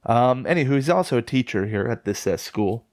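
A man co-hosting a casual film podcast, telling the story in a jokey, profane, excitable way. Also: mid-range voice, a little fast, no room sound, clean studio sound. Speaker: podcast co-host reviewing films.

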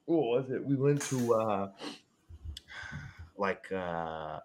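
A young man, co-hosting a casual podcast and telling loud, swearing stories full of shouted quotes. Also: on the low side, takes it slowly. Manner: animated storyteller, swears, shouts when quoting his dad. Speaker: podcast co-host. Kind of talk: casual chat.

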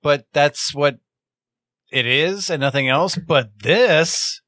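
A man's voice: fairly high pitch, slow, fairly bright tone, no echo. A man hosting a casual beer-tasting chat, talking with enthusiasm and rambling a little. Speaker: podcast host.

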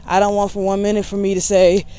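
A woman's voice: medium pitch, monotone, quick pace, mellow, clean tone. Woman vlogger, casual talk, candid, rambling, sassy.

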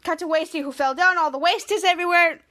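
A woman podcast host recapping a TV episode scene by scene in halting, repetitive narration with restarts. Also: extremely high pitch, sharp tone.

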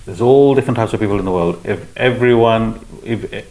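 A man leading a spiritual discussion, explaining calmly with repeated phrases. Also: on the low side, a little fast, rough recording. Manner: calm, explanatory, repetitive phrasing. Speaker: spiritual teacher. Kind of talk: teaching discussion.

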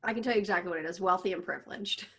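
A young woman co-hosting a casual chat podcast, blunt and animated as she tells stories. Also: on the low side, racing, vocal fry, husky. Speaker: podcast co-host.

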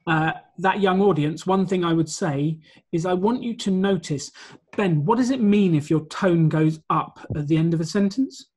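A man's voice: high-pitched, moderate pace, darkish tone, slightly rough. A man being interviewed about his work as a presentation coach, explaining his points in a confident, orderly way. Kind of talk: conversational interview.

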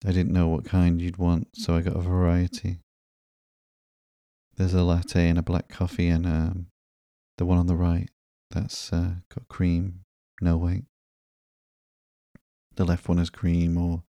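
A man reading the lines of a nervous, awkward young man in a halting, hesitant way for a sleepy comic book reading. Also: low-pitched, monotone, mellow, no room sound.

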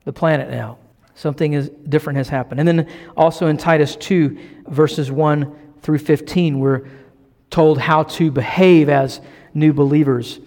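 A man from the American South with a Southern accent, preaching a sermon as pastor, earnest and teaching, slowing down to stress key phrases. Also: a little high, darkish tone, big-room sound.

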